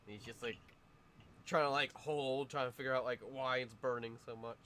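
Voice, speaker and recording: A man narrating a tabletop game as its game master, describing the action in a halting, good-humored way, often chuckling. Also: medium pitch, fairly even intonation, bright, forceful tone.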